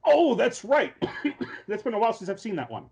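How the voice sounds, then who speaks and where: A man's voice: sits high, big pitch swings, normal speed, creaky, darkish tone, slightly rough. Rambling man recapping an anime. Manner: rambling, filler-heavy storytelling with many restarts. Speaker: podcast co-host. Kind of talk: casual podcast chat recapping an anime.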